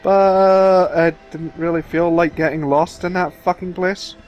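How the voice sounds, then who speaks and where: A man with a fairly high voice gives loose, chatty commentary over a video game, swearing freely and thinking out loud. Faint game music plays beneath him. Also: steady tone, a little slow, highs cut off. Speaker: let's play host. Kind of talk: casual gameplay commentary.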